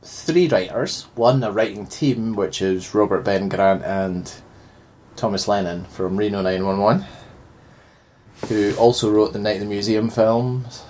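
A man's voice: fairly low pitch, fairly even intonation, measured pace, darkish tone, slight background noise. A man with a dry sense of humour, reading out film facts on a casual podcast. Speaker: podcast co-host. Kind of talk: casual chat.

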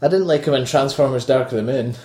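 Man, mid-pitch, co-host riffing on films, teasing and jokey, roomy echo. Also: fast, a little mellow. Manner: jokey, teasing, laughs often. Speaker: podcast co-host. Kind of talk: casual film review chat.

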